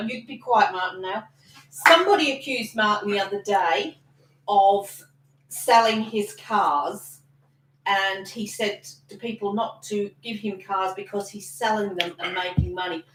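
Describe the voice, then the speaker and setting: A woman's voice: mid-range voice, fairly bright tone. A middle-aged woman co-hosting a casual live stream, teasing her husband and reading out viewer comments. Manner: teasing, chatty, reads out comments. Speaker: co-host, host's wife. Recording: roomy home recording.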